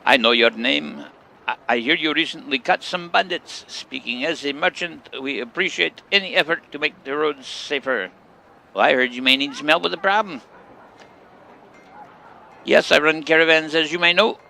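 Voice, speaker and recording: A man voicing a male caravan merchant in a game, speaking earnestly in a deliberately bad put-on accent. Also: a little high, animated, gravelly, sharp tone, slight background noise, pitched above the performer's own voice, heavily acted.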